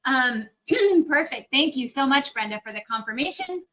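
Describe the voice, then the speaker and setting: A woman chats upbeat and casual on a livestream, speaking straight to her viewers. Her voice sits a little high and rings bright and forward. She has a frog in her throat and keeps clearing it. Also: animated, moderate pace, low-quality recording. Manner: chatty and upbeat, talking to viewers. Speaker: naturopathic doctor hosting a live Q&A. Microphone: external microphone on a livestream.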